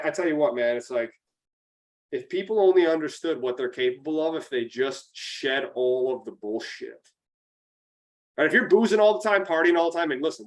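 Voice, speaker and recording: This upstate New York man talks with a slightly high voice. He is a podcast guest giving blunt, profane, emphatic business coaching in casual motivational chat. He sounds a little distant from the microphone. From central New York.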